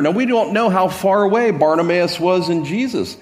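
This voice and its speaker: A pastor preaching a sermon in a slightly higher-pitched male voice. He retells the scene with energy, often restarting words, then dropping low and rising again to exclaim. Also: moderate pace. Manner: animated preaching with many stammered restarts; acts out Gospel scenes, swinging from hushed to exclaiming.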